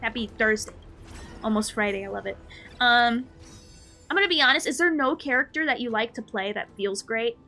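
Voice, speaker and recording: A woman live streaming a game, chatting casually with her viewers in an animated, playfully ranting and mock-scolding way. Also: fairly high pitch, moderate pace, vocal fry, faint music behind. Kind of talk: casual gaming stream chat.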